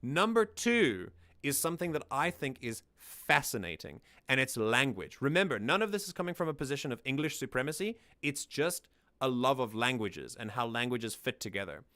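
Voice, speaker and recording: A man's voice: mid-range voice, sing-song, moderate pace, sharp tone, no echo. Male host, casual music analysis, mid-range voice, dry sound, thoughtful and explanatory. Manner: thoughtful, explanatory, often restarts mid-sentence; sings lines back to demonstrate.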